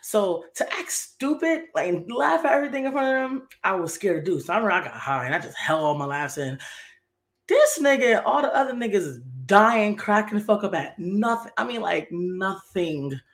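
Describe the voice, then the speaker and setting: A woman's voice: mid-range voice, big pitch swings, fairly quick. A woman in her thirties hosting a podcast, telling a personal story in a candid, profane, slang-heavy way with lots of fillers. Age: 30s. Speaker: podcast host.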